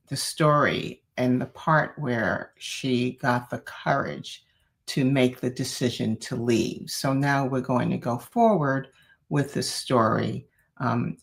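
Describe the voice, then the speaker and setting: A woman hosting an interview, with soft listening murmurs and gentle restarts. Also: a bass voice, vocal fry. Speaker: host.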